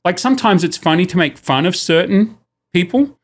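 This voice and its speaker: A man's voice: sits high, animated, normal speed. A man talking casually as a returning podcast guest, joking and working through examples with shifting emphasis. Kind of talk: casual chat.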